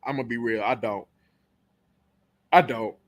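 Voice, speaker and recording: A man's voice: medium pitch, measured pace. A young man hosting a sports talk show, ranting casually and bluntly about his team and trash-talking its players. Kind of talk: casual sports reaction rant.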